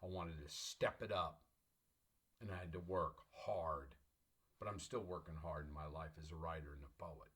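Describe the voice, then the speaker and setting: A middle-aged man, a college English professor, lecturing an online class in an emphatic, repetitive, motivational way and clearing his throat often. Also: extremely low pitch, fairly even intonation, normal speed, a bit bright.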